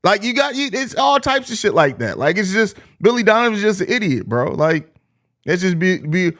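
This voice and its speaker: A young man hosts a live sports podcast, reading chat comments aloud. He jokes loosely and swears freely, and his voice sits a touch high for a man. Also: sing-song, normal speed, a bit bright. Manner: loose, profane, joking, reads viewer comments. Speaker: podcast host.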